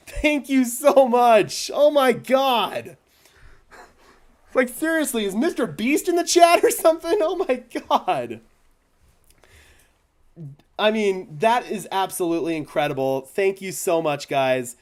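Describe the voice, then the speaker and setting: A young man hosting a fan live stream, stammering and overwhelmed, swinging from hushed thanks to shouting. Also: high-pitched, expressive, slow, long pauses. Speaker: fan channel host.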